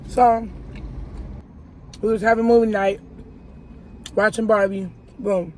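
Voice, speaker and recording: A woman's voice: medium pitch, steady tone, slow, darkish tone, a little hiss or hum. A woman giving a casual life-update vlog, telling a long story in a chatty way and speaking straight to her viewers. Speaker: YouTuber.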